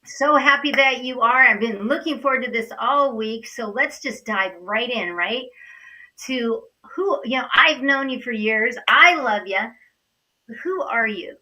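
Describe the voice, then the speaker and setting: A woman's voice: a little high, a little slow, pushed and bright, far from the mic, rough recording. A woman hosting a talk show, gushing and affectionate as she talks to viewers and introduces a guest. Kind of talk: upbeat talk show chat.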